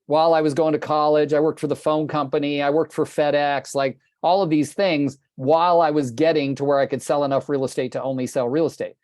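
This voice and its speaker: A man's voice: on the high side, flat delivery, fairly quick, few pauses, darkish tone, dry recording, studio quality. Blunt older man coaching on a call. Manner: blunt, passionate, swears casually. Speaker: real estate coach. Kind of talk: group coaching call, storytelling. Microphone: video call.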